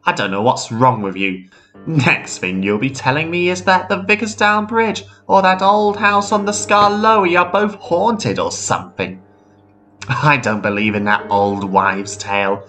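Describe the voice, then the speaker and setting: A man's voice: fairly even intonation, normal speed, hardly any pauses, faint music behind. A man voicing a brash, boastful young man who mocks a ghost legend in a spoken story. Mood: scoffing. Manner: scoffing, loud, high-pitched.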